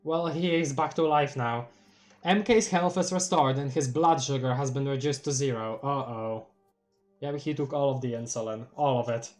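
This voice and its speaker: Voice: medium pitch, moderate pace, soft background music. A streamer with a Polish accent reading a webcomic aloud on a live read-along, breaking off to react with laughs and exclamations. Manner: expressive, reads captions aloud then reacts with laughs and exclamations.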